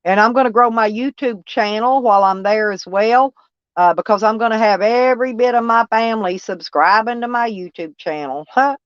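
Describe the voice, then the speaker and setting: A woman's voice: on the high side, normal speed, dry recording. Rambling Southern woman on a dull lo-fi livestream. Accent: Southern American. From American South. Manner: rambling, talks back to chat by name. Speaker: vlogger reading live chat. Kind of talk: casual livestream chat. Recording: dull lo-fi dry sound.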